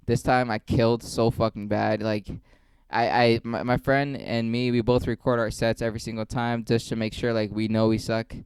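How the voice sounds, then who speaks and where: A man's voice: medium pitch, steady tone, normal speed, clear, resonant tone, dry recording. A young man, a stand-up comedian, rambling through a casual vlog with lots of swearing and self-mockery. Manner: rambling, profane, self-mocking.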